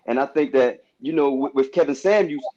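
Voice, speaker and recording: A man's voice: mid-range voice, a little fast, dark tone. A man talking on a casual panel discussion who keeps asking "you know what I mean" and restarts his phrases. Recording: dull lo-fi sound.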